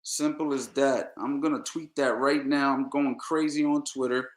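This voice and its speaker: A man's voice: mid-range voice, moderate pace, few pauses. A man hosting a boxing podcast, ranting heatedly and repeating himself. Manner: animated, ranting, repeats phrases. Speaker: podcast host.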